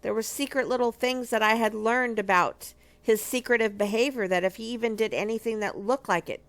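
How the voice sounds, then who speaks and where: A woman's voice: on the high side, fairly even intonation, a little fast, clear, resonant tone. A middle-aged woman from a marriage ministry, giving an earnest, emphatic testimony and repeating key phrases for weight. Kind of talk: personal testimony teaching.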